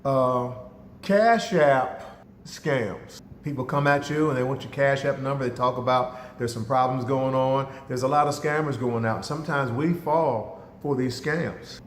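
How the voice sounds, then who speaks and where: A man's voice: medium pitch, measured pace, a little hiss or hum. Give me an emphatic male motivational speaker telling a story, with long hall echo. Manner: emphatic, preacherly, addresses listeners directly. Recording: echoey hall reverb.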